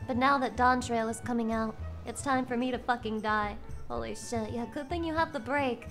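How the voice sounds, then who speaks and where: Excitable high bright-voiced woman streamer. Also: moderate pace, few pauses, faint music behind. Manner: loud, swearing, excitable, breaks into shrieks. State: voice strained, cracking. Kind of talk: casual chat with a live audience.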